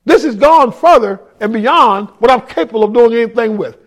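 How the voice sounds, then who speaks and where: A man telling his life story as a testimony, emphatic, sinking low and quiet when he warns. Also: lively intonation, normal speed. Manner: emphatic, drops low and quiet for quoted warnings.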